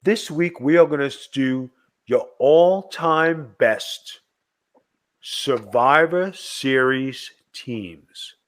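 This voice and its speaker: A man hosting a casual chat show, loud and excitable, joking with his co-host. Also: medium pitch, very slow.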